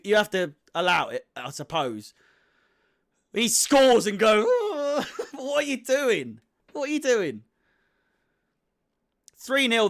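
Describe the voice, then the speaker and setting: A man's voice: sits high, fairly bright tone. A young man giving casual live commentary on a football match as a fan, swearing freely and sounding exasperated.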